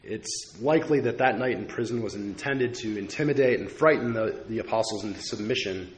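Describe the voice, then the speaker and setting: A man's voice: lowish voice, a little hiss or hum. Man preaching a sermon in an echoey room. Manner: earnest, measured, with filler pauses. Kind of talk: sermon with scripture reading.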